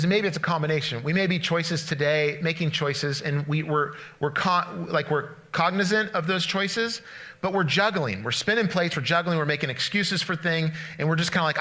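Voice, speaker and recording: A man's voice: a little high, sharp tone. A male pastor giving a conversational sermon, retelling a story animatedly with frequent restarts.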